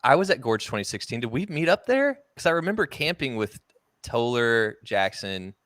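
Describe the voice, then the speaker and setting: A man's voice: medium pitch, very animated, normal speed, a bit bright, no echo, studio quality. A man hosting a podcast in casual chat, easygoing and playful, laughing along with his guest. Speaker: podcast host.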